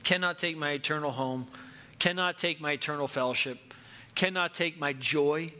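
Bright-voiced man preaching a sermon. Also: fairly high pitch. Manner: earnest, quotes scripture with slow emphatic stress. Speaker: pastor.

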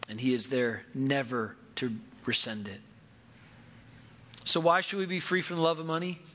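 A man preaching a sermon as pastor, reading scripture aloud with earnest, slow emphasis. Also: fairly high pitch, sharp tone.

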